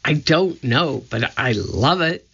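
A reader voicing an eager, excitable young girl with high, breathless exclamations in an audiobook. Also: takes it slowly, creaky, husky, dull audio, exaggerated voice. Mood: excited. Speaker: audiobook character.

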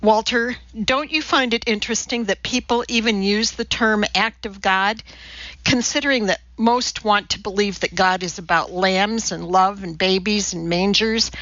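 A woman's voice: medium pitch, pushed and bright, no echo, highs cut off. A woman voicing an earnest, precise female TV cooking chemist who lectures in a matter-of-fact way, in an audiobook reading.

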